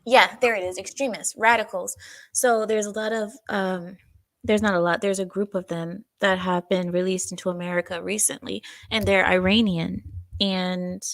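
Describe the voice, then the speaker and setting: A woman with a gravelly, creaky voice talks casually in a political talk stream and reads viewer comments aloud. She is a little out of breath and sometimes pauses to search for a word. The sound is close and dry, with no room in it. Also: mid-range voice, steady tone, no room sound.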